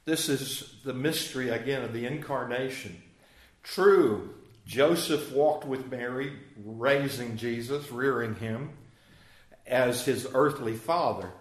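A man's voice: medium pitch, slow pace. A man giving a conversational, verse-by-verse Bible lesson, often asking his listeners questions. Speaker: Bible teacher. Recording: roomy echo.

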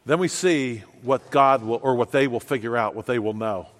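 A man preaching a sermon with passion, swinging from loud outbursts to hushed asides. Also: medium pitch, moderate pace. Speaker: pastor. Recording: long reverb of a church hall.

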